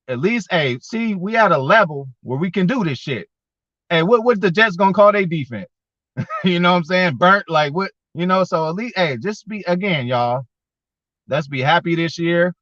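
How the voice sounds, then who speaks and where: A man's voice: a little high, bright, forceful tone, no echo. A man hosting a casual sports fan show, talking with viewers in a slangy, profane way and getting worked up as he goes. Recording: dull lo-fi.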